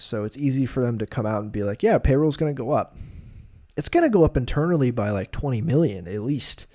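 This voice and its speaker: Man, solo podcast host, medium voice, casual opinionated rant with plenty of fillers. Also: medium pitch. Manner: opinionated and animated, loose with fillers like "like" and "uh".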